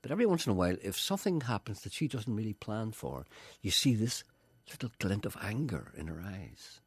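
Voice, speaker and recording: Older guy rambling on, husky low voice, quick, dry close sound. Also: sing-song, dry recording. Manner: rambling storyteller, repeats "you see". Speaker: radio presenter. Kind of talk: casual chat.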